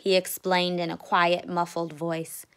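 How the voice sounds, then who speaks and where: A woman, a teacher, reading a children's picture book aloud in an expressive, deliberate way. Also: lowish voice. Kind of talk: read-aloud storybook narration.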